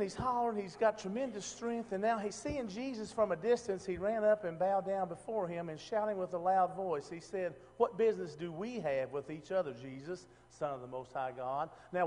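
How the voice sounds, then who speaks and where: High-voiced man teaching scripture casually. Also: darkish tone, big-room sound. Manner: conversational, asks the room questions, many restarts. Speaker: preacher.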